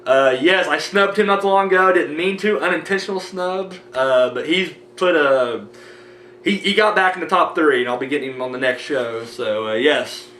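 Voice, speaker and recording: A man's voice: on the high side, moderate pace, fairly bright tone, roomy sound, a little hiss or hum. An American man rambling casually with many fillers while thanking his viewers in a vlog. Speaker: movie review vlogger.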